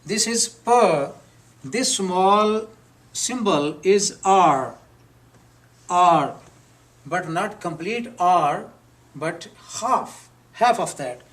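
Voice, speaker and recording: A man teaching a live class, who speaks deliberately and repeats words to model how they are pronounced. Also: high-pitched, animated, a bit bright, far from the mic. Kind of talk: live classroom lecture on pronunciation.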